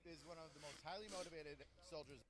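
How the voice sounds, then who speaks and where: A man's voice: fairly high pitch, quick pace, a crowd in the background. A man who is a drill sergeant, telling stories in an interview and acting out the people he quotes. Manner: animated storyteller who acts out quotes loudly. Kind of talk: interview storytelling.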